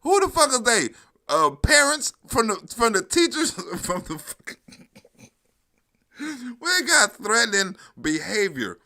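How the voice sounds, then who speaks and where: Middle-aged new york guy ranting live over news clips, high voice, bright sharp tone, keeps cracking up laughing. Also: sing-song, normal speed. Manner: mocking, laughs often, swears heavily. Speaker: commentator reacting to news clips. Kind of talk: profane live-stream commentary.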